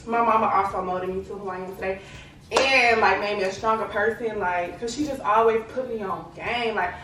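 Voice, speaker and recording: A woman's voice: a little high, fairly bright tone, a little hiss or hum. A young woman from Texas, chatting casually to camera as a vlogger and filling her talk with "like" and "you know what I'm saying". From Lubbock, Texas. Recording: echoey room, distant mic, faint ambience.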